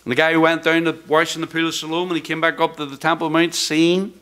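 A man, the church's pastor, preaching a sermon, rising loud when he reads scripture and dropping to quiet, hushed words. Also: fairly high pitch, monotone, fast, smooth. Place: church sanctuary.

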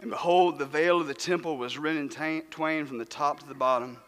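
A man's voice: on the high side, a little fast. A man preaching a sermon in a church, speaking with fervent emphasis. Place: church sanctuary. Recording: long church reverb.

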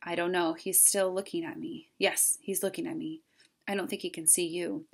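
A woman's voice: lowish voice, flat delivery, normal speed, vocal fry, slightly rough. A woman voicing a young, frightened male crow in a storybook reading, sounding anxious and a little sheepish.

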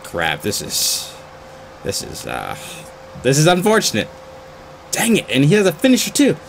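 A man giving excited, frantic commentary while playing a wrestling video game, groaning one moment and yelping the next. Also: fairly high pitch, normal speed, creaky, a little hiss or hum. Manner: frantic, swings between groans and yelps. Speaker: gaming channel host.

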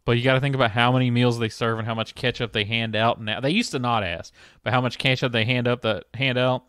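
Smooth-voiced man, laid-back and profane. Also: mid-range voice, fairly even intonation, fast, a bit bright, dry recording, studio quality. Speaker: podcast co-host. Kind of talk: casual chat.

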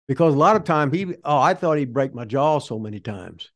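A man's voice: mid-range voice, lively intonation, a little fast. An older man with a folksy, rambling way of telling wrestling stories as an interview guest, swearing casually. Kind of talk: rambling shoot interview storytelling.

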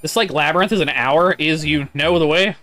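A man's voice: fairly high pitch, brisk, sharp tone, no echo, faint music behind. A man live-streaming a game, chatting casually, reading chat aloud and swearing often. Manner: profane, rambling, reads chat aloud.

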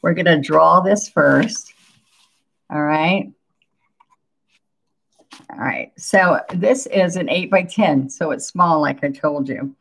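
A woman's voice: deep voice, slow, gravelly, pauses often, a bit bright. An older woman, hosting a casual live painting lesson, chatting and laughing as she greets viewers. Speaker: painting instructor hosting a livestream.

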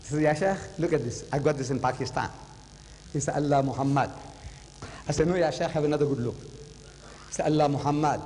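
An older man addresses a live audience in a lecture hall, his voice sitting noticeably high. He tells his story dramatically, repeating phrases for weight. The sound carries a long hall reverb and a faint electrical hum. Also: fast, long pauses, dark tone. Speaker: public lecturer.

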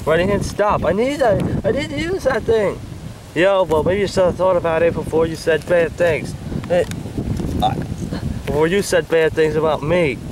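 Man with a high, swooping voice doing a bickering homemade hand skit, loud background noise. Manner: squabbling, whiny, bursts of shouting.

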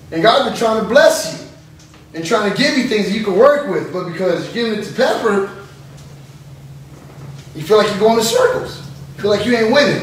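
A man teaching a lively Bible-study sermon in a classroom, animated and laughing often, acting out little voices. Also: sits high. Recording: echoey room from far off, with background noise.

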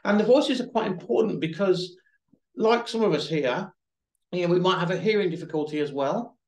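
A man's voice: high-pitched, normal speed, a little mellow. A man presenting a webinar, patiently explaining and demonstrating phone accessibility features, now and then restarting a phrase. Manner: patient, explanatory, repeats himself at times. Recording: echoey room.

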